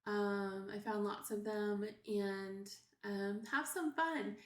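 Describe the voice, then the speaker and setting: A preschool teacher, a woman, giving parents an unhurried, explanatory lesson with frequent fillers. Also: mid-range voice, steady tone. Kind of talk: instructional video for parents. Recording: echoey room.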